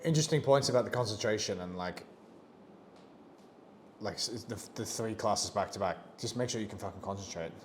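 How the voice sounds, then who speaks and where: A man hosting a podcast in relaxed, joking casual chat, swearing now and then. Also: fairly low pitch, fairly quick. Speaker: podcast host. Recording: roomy echo, faint noise.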